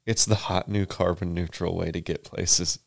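A man's voice: low-pitched, level tone, normal speed, creaky. A young man co-hosting a casual podcast, riffing with joking, mock-thoughtful asides. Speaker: podcast co-host.

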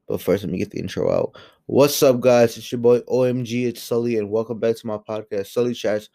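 A man hosting his own solo podcast, ranting in a heated, profane and exasperated way, swinging from low mutters to loud outbursts. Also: fairly even intonation, brisk, vocal fry. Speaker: podcast host.

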